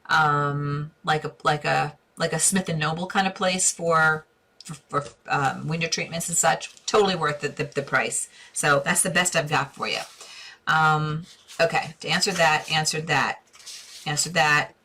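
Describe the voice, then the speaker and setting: A woman's voice: low-pitched, fairly even intonation, a little slow, bright, forceful tone, slightly rough. A middle-aged woman hosting a live interior design stream, answering viewer questions in a chatty, direct way and using endearments.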